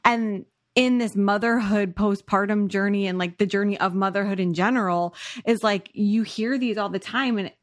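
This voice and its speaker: A woman co-hosting a podcast, chatting in an energetic, talkative way. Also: medium pitch, moderate pace, dry recording, clean studio sound. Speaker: podcast co-host. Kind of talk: casual conversation.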